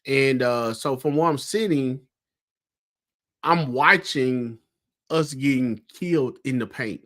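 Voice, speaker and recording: A man's voice: mid-range voice, slow pace, fairly bright tone. A man, co-hosting a casual sports talk show, telling what he saw at a game in a conversational way. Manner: storytelling, conversational, many fillers. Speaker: co-host.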